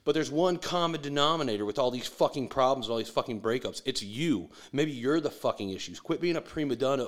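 Man, mid pitch, foul-mouthed sarcastic sports ranter. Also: lively intonation, brisk, few pauses. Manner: profane, ranting, sarcastic, mocking impressions. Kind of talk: profane sports rant.

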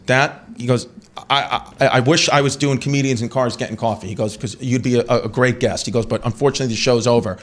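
A man in his thirties, a comedian guest, telling rambling, profane stories in casual podcast talk. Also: mid-range voice. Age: 30s. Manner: animated, profane, rambling anecdotes.

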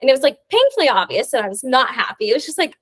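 A woman's voice: high voice, sing-song, rapid-fire, a bit bright, husky. A young adult woman co-hosting a podcast, telling a long story in casual chat, full of "like" fillers. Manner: chatty storytelling, many "like" fillers. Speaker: podcast co-host.

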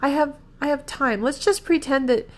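A woman's voice: sits high, normal speed, darkish tone. A woman in her fifties telling a personal story in an earnest, emotional, rambling way, often correcting herself mid-sentence. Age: 50s. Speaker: vlogger.

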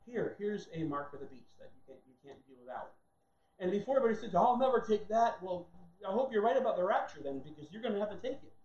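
A man's voice: sits high, sing-song, fast talker, a little mellow, a little hiss or hum. A man preaching a sermon in a heated, mocking way, sometimes acting out other people's voices. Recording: roomy, dull lo-fi sound.

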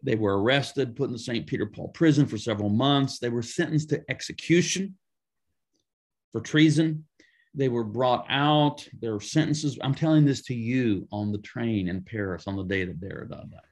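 A man, a pastor and author, telling a story in a conversational interview, with lively emphatic asides. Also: medium pitch, moderate pace, breathy edge.

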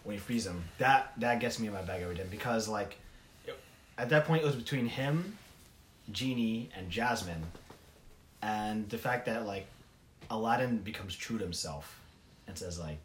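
A man in his thirties chatting casually, telling stories in a lively, laughing way. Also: on the low side, moderate pace. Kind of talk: casual chat. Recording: echoey room with faint noise.

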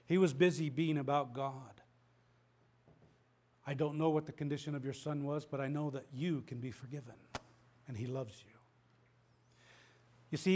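A man's voice: on the high side, darkish tone. A middle-aged man preaching a sermon as pastor, impassioned, with frequent restarts and repeated words.

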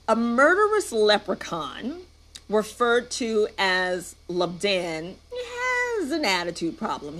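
Woman movie reviewer, casual and sarcastic, slow delivery, mid-pitched voice. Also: fairly bright tone. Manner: sarcastic, playful.

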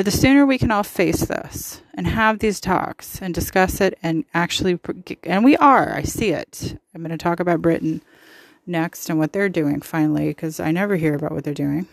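A woman's voice: on the low side, no room sound, poor audio. A woman hosting a podcast, giving impassioned, opinionated political commentary with emphatic repetition. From United States. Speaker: podcast host.

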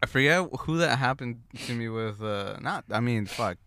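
A young man rambles through a story on a podcast, relaxed and filler-heavy. His voice is smooth and clear, recorded close and dry, at an ordinary middle pitch. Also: normal speed, dry recording. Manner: laid-back storytelling with many fillers. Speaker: podcast co-host. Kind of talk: casual chat.

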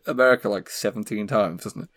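A young man co-hosting a podcast in casual, hesitant chat, slang-heavy and quick to laugh. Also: on the low side, expressive, fairly bright tone, no room sound, studio quality. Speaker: podcast co-host.

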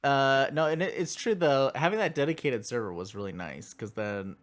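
A man's voice: medium pitch, expressive, moderate pace. A young adult man co-hosting a podcast in casual gaming chat, jokey and a little boastful, laughing as he talks. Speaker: podcast co-host.

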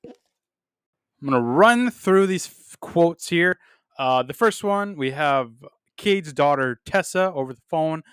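A man's voice: on the high side, animated, slow, fairly bright tone, smooth, no echo, studio quality. A man reviewing a film in a casual podcast monologue, blunt and dismissive, with plenty of "um"s and "uh"s. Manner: blunt and dismissive, many fillers.

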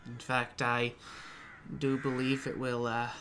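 A game master voicing a calm, mysterious villainous woman with a put-on Russian accent, talking softly and unbothered in a tabletop game. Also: medium pitch, takes it slowly, slight background noise, pitched below the performer's own voice. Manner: soft, unbothered, gently smiling.

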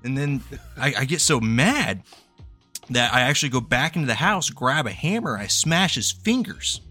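A man co-hosting a podcast, telling a long joke in a lively, casual way with free swearing. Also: mid-range voice, normal speed, soft background music. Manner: animated storytelling, swearing freely. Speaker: podcast co-host.

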